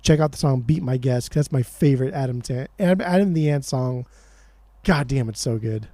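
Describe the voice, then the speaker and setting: Excitable, foul-mouthed man, mellow voice. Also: mid-range voice, dry recording. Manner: excitable, swears a lot, fast bursts. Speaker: podcast co-host. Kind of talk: casual chat about music.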